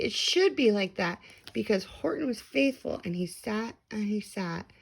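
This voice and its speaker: Expressive woman reading a storybook aloud. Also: medium pitch, unhurried, creaky, slightly rough.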